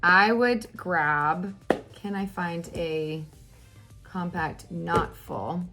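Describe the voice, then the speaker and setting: A woman in her thirties chatting casually through a makeup tutorial at home, animated, with fillers and exclamations. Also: on the low side, very slow, over music. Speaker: makeup vlogger.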